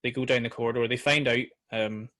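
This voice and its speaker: A man's voice: medium pitch, fairly even intonation, fairly quick, sharp tone. A Northern Irish man co-hosting a casual horror film chat, enthusiastic and swearing a lot. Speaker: podcast co-host.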